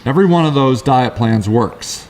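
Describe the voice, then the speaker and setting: A middle-aged man co-hosting a casual talk show, telling rambling stories in quick, lively bursts. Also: mid-range voice. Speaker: co-host. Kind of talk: casual chat.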